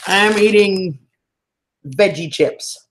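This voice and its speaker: A woman's voice: medium pitch, takes it slowly, slight background noise. A woman, hosting a casual livestream and chatting affectionately with viewers, calling them sweetheart and hon. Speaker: livestream host.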